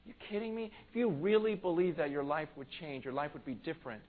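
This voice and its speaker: A pastor preaching a conversational sermon in church, earnest and plain-spoken, swelling to emphatic peaks. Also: male voice, fairly high pitch, lively intonation, fast, a little mellow, poor audio.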